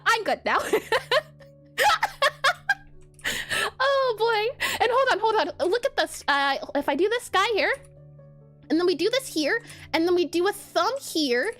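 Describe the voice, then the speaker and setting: A young woman with a very high, lively voice chats her way through a drawing stream. She giggles often and runs her words together in quick bursts. Soft music plays faintly in the background. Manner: giggly, chatty, rapid bursts of talk. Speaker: art streamer. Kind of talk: casual live-stream teaching.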